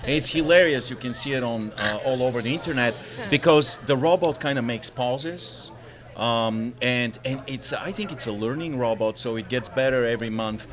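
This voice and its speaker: A man's voice: mid-range voice, moderate pace. Joking man telling telephone pranks. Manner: animated joking storyteller, laughs often. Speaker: podcast guest panelist. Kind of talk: casual panel chat.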